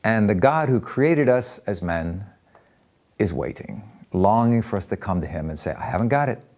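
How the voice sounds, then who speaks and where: An older man telling personal stories in an interview, animated, acting out voices and often repeating words as he talks. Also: lowish voice, moderate pace. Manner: lively, acts out voices in anecdotes, repeats words. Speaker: interviewee, counselor.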